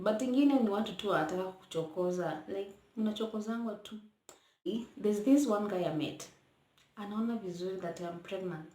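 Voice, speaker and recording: Chatty Kenyan woman in a roomy bedroom. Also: mid-range voice. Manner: chatty, mixes English with Swahili; hushed at times to let baby sleep. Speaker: vlogger. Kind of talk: casual storytime vlog. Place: child's bedroom at home. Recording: roomy echo, faint noise.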